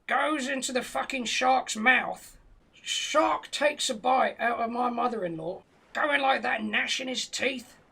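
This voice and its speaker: Gravelly, sweary British man spinning a yarn. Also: very high-pitched, unhurried, bright, forceful tone. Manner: profane, rambling tall tale told straight. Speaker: comedian telling a story. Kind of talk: comic storytelling on a live stream.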